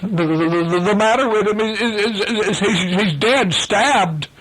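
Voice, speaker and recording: A man's voice: sits high, a little slow, a bit bright, voice pushed up, low-quality recording. A man voicing a terrified pirate who stammers and gibbers in a bedtime story.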